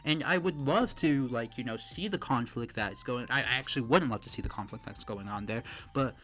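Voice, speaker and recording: A man's voice: medium pitch, normal speed, a bit bright, low-quality recording. A man streaming a reaction, ranting with heavy profanity and mocking the people he criticizes.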